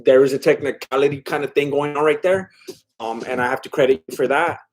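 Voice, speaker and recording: A man's voice: mid-range voice, steady tone, fast. A man hosting a casual live watch-along stream, reading viewer comments aloud while eating, chatty and a bit scattered, laughing often. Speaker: livestream host.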